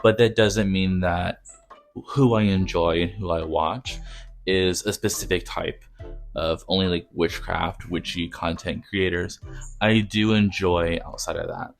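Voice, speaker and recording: A man with a low, gravelly voice that sounds a little nasal. He rambles casually to camera in a personal vlog, full of fillers and restarts, with soft music playing faintly behind him. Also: fairly even intonation, a little slow. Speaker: artist vlogger.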